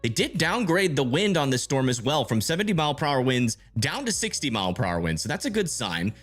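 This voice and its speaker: A man's voice: mid-range voice, sing-song, brisk, a bit bright. A man giving live storm-tracking commentary on a stream, thinking aloud and answering viewer chat as he checks radar. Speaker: livestream weather tracker.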